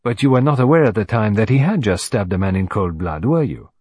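A precise, formal older detective, as a narrator puts him on, measured and courteous in every question. The voice is a bit husky and moves through a lively range. Recorded dry and close. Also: male voice, fairly low pitch, no echo. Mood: probing.

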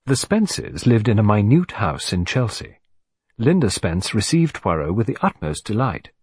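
Husky-voiced male audiobook narrator. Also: lowish voice, sing-song, normal speed, darkish tone, no room sound, studio quality.

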